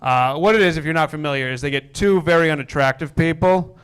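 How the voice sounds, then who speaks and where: Give me a young man on a comedy stage, deadpan and wry, with a smooth, fairly high voice. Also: fast talker. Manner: deadpan, wry asides, rising into exasperated rants. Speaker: stand-up comedian. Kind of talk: stand-up comedy set. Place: comedy stage before a live audience.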